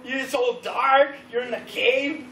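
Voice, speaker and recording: High-voiced man teaching a youth group. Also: takes it slowly. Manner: animated storytelling, acting out crowd voices. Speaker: youth leader. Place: church youth service room. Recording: roomy, distant recording with faint background noise.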